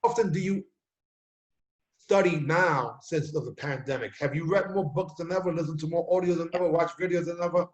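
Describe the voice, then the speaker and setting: A man with a fairly high voice tells stories with energy and acts out what people say. He talks in a room with a lot of echo. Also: a little fast, highs cut off. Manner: animated storyteller, acts out quotes. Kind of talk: casual video chat. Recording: echoey room.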